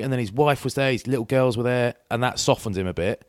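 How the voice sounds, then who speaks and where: A middle-aged man, a podcast co-host, chats casually in a mid-range voice at a quick pace. His anecdotes ramble, and he keeps interrupting and restarting himself. The studio-quality recording has no echo.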